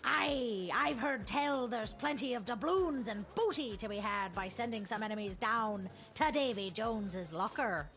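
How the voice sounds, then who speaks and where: A woman's voice: on the high side, expressive, measured pace, few pauses, fairly bright tone. A woman voicing a boisterous female pirate captain in a video game, full of hearty pirate slang and growly laughs. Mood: boastful. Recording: game audio with faint music.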